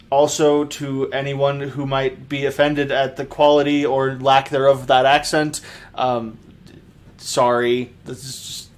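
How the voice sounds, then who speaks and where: A man hosting a casual tabletop character-building show, reading out dice rolls in an easygoing way. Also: mid-range voice. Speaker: podcast host, character builder.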